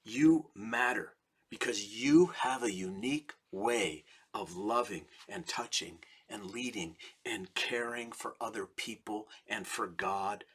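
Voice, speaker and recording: A middle-aged man, a rabbi, giving a slow, deliberate sermon with emphatic repetition. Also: mid-range voice, fairly bright tone, slightly rough. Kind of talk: recorded sermon message.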